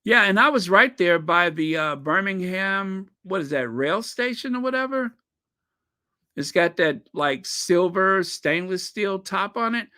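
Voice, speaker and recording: Slow, bright-voiced African American man. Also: sits high, clear, resonant tone. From United States. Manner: rambling, excitable travel storytelling, pausing to recall. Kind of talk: casual chat.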